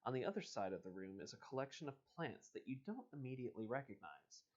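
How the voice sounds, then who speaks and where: A man's voice: mid-range voice, very animated, quick pace, a little mellow, dull audio. A man hosting a livestream, reading an interactive adventure book aloud in a casual, playful way. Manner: casual, chuckling, playful asides. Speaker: host and reader.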